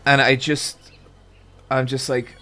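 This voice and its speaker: A man streaming live and telling a long, exasperated anecdote to his chat, swearing freely and getting loud at the punchlines. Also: medium pitch, flat delivery, slow pace, soft background music. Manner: profane, exasperated, building to loud outbursts. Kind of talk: animated storytelling to a live chat.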